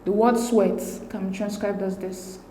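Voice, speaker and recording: A woman, working through exam questions as a tutor in a steady, methodical way. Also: mid-range voice, measured pace, a little hiss or hum. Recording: echoey room.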